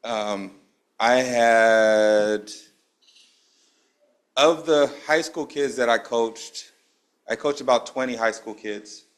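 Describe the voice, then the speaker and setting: A man's voice: medium pitch, slow, long pauses. A man, a basketball coach on a panel, answering in a casual, reflective way. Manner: reflective, casual, uses "right?" as a tag.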